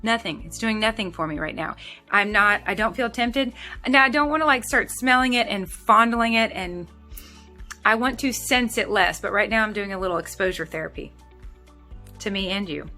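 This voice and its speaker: Woman vlogger, casual to-camera talk, bright tone, rambling restarts, soft music underneath. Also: mid-range voice, normal speed. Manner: chatty, rambling, with frequent restarts and fillers. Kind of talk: casual talking-head vlog.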